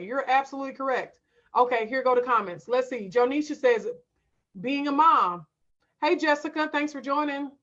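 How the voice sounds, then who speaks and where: A fairly high-voiced woman hosts a casual livestream from her desk, reading out viewer comments and speaking straight to her audience. Her delivery is emphatic and folksy, and the audio sounds a little dull and lo-fi. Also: fairly bright tone. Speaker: homeschool livestream host.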